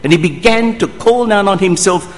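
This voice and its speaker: A man's voice: high-pitched, moderate pace. A man preaching a sermon, telling the story vividly and acting out the voices of the people in it. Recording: long hall reverb.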